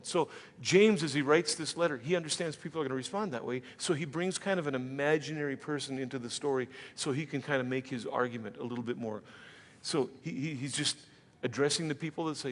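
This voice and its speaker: A man preaching a sermon as pastor, conversational, slipping into quick voices of imagined listeners. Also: medium pitch. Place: church sanctuary. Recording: church hall with long reverb.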